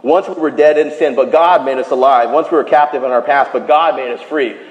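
A pastor delivers a lively storytelling sermon, leaning in and dropping his voice low for the characters' words. His man's voice sits at an ordinary middle pitch. The sound carries the echo and long reverb of a big hall. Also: a little fast. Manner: animated storytelling, drops to a hush for quoted lines. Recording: echoey hall.

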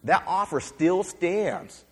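A male pastor preaching a sermon, retelling scripture in a lively storytelling way and acting out the voices of the people he quotes. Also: high-pitched, slow. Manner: fillers and restarts.

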